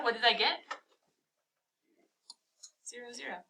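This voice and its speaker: A woman teaching a calculus class, talking through a problem and firing quick questions at her students. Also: mid-range voice, sharp tone, recorded from a distance, slight background noise, rough recording. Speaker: math teacher.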